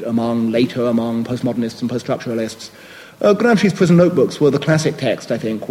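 A man's voice: mid-range voice, warm tone, long reverb tail, poor audio. A man answering a question on a panel in an academic discussion, hesitant and thoughtful, with many fillers and restarts.

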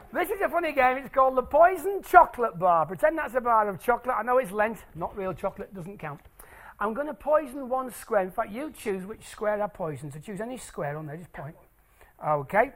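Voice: mid-range voice, fairly bright tone. A stage presenter doing maths tricks live for an audience in a hall, playful and jokey as they draw the crowd in.

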